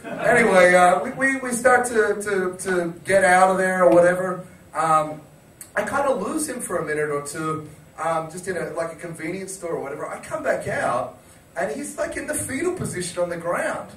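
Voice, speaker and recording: A man's voice: high voice, moderate pace, roomy sound, far from the mic, poor audio. A man on a chat show, telling a story casually, laughing and acting out quotes. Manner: animated, laughing, acts out quotes. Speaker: wrestling chat show guest.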